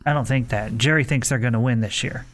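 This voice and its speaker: A male co-host on a sports talk radio show, speaking from the studio. He doubts his partner's claims and presses back with pointed questions, all in a mid-pitched, conversational tone. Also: fast. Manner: skeptical, pushes back with questions. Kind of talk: casual sports talk debate.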